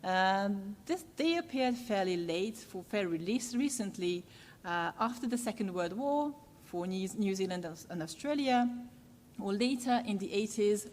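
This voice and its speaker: Woman lecturer, mid-pitched, measured with many "uh" pauses, reverberant hall, faint rumble. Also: a little mellow. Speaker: university lecturer. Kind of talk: academic lecture.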